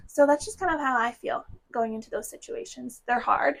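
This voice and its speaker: A woman's voice: sits high, fairly quick, creaky, a bit bright, rough recording. A young woman co-hosting a podcast, talking candidly and earnestly in a casual heart-to-heart chat, often repeating phrases in runs. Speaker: podcast co-host.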